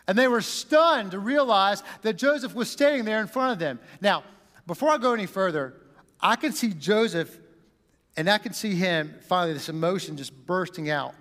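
High-voiced preacher in a reverberant hall. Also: male voice, lively intonation, normal speed. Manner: dramatic, swings from loud to near whisper. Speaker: pastor. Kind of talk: sermon.

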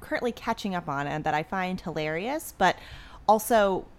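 A woman's voice: fairly low pitch, normal speed. A young woman co-hosting a podcast in casual, playful chat. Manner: animated, playful. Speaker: podcast co-host.

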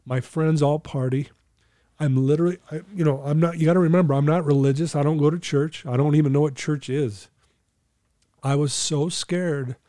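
A middle-aged man telling his own life story as a guest, earnest and candid, at times emotional and clearing his throat. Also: a little high, steady tone, normal speed, dark tone, no room sound. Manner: earnest, candid, storytelling with quoted inner thoughts. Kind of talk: emotional personal testimony.

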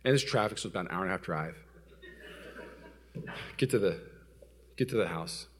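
A young male pastor telling a story in a sermon, swinging from loud outbursts to hushed asides before a congregation. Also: deep voice, lively intonation, fairly quick, a little hiss or hum. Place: church sanctuary before a live audience.

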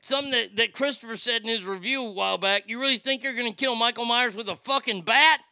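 A man's voice: very high-pitched, fast talker, pushed and bright, clean tone, no room sound, clean studio sound. A man ranting casually and profanely about movies while reading out listener comments. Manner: swearing, exasperated ranting.

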